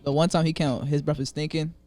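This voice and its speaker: A man on a podcast cracking up while griping about barbers in an excitable casual way. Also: fairly high pitch, quick pace.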